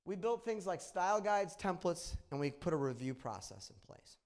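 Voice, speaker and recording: A middle-aged man with a nasal Midwestern accent gives an animated conference talk, telling stories and asking the audience questions. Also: high-pitched, moderate pace. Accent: Midwestern American. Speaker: conference presenter. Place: conference room.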